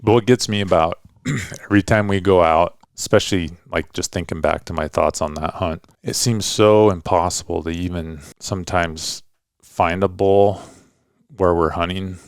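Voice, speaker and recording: A middle-aged man hosting a podcast, telling a hunting story in a relaxed, rambling, casual way. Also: low-pitched, moderate pace, vocal fry, clean tone, dry recording, studio quality. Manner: relaxed storytelling, loose and rambling with frequent "kinda" and "like". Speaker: podcast host and hunting dad.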